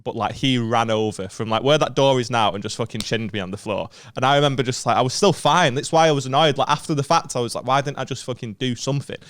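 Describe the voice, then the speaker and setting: A man's voice: medium pitch, quick pace, few pauses, no room sound, studio quality. A young man, co-hosting a podcast and telling a story in casual chat, swearing freely and laughing often. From Northern England. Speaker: podcast co-host.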